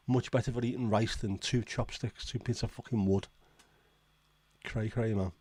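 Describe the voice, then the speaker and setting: Male livestream host, lowish voice, chatty and sweary, dry close sound. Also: fairly even intonation, moderate pace, a little mellow, husky, dry recording. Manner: chatty, swears freely, reacts with disbelief. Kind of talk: casual chat reading viewer comments.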